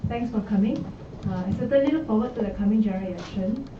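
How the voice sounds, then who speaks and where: A Singaporean woman speaks earnestly as a new candidate, stumbling through ums and restarts. Her voice comes from far off in an echoey office, muffled and set against clear background noise. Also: mid-range voice, fast. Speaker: election candidate. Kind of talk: brief press conference statement. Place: party office. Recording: echoey, muffled, from a distant mic.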